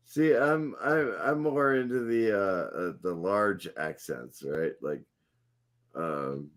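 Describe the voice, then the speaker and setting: A man hosting a casual live stream, talking slowly with many halting pauses. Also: fairly low pitch, a bit bright. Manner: slow, halting, lots of uh fillers. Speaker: stream host.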